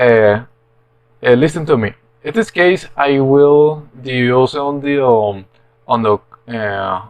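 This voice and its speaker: A man talking through a programming tutorial in a halting, hesitant way, with many pauses and restarts. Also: on the high side. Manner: halting, hesitant delivery full of fillers and restarts. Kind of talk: screen-recorded coding walkthrough.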